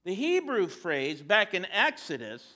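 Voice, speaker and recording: A male preacher with a high, bright voice delivers a sermon. He keeps it conversational and drops in joking asides. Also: huge pitch swings, measured pace.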